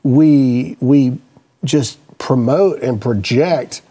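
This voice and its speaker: A man giving casual panel commentary, animated and exasperated, often mocking. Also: mid-range voice, drawn-out words, slightly rough.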